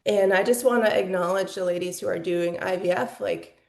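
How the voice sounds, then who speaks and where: A woman's voice: lowish voice, fairly quick, gravelly, roomy sound. A woman in her forties telling her personal story as a podcast guest, candid and emotional, with lots of "like" fillers. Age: 40s.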